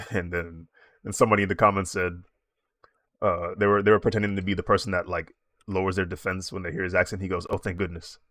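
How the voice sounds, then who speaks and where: Low-voiced man chatting while he draws. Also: fast talker, no echo, clean studio sound. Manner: relaxed, rambling, laughs often. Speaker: streaming digital artist. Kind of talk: casual chat while drawing on stream.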